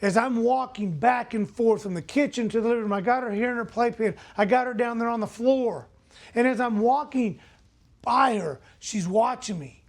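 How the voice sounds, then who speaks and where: A man's voice: extremely high pitch, normal speed. A man speaking as a motivational speaker, telling a personal story earnestly and asking the audience direct questions.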